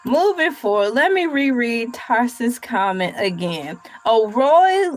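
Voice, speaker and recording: In a low-quality recording, a livestream host with a sing-song, somewhat high voice slowly reads out a recipe. She then goes off on playful, rambling tangents full of jokey asides.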